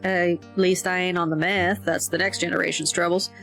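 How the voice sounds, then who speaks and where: Gruff older farmer, voiced by a woman, folksy, faint music behind. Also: lowish voice, level tone, fairly quick, a bit bright. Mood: wry grumbling. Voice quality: folksy, plain-spoken. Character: gruff older mountain man farmer, blunt.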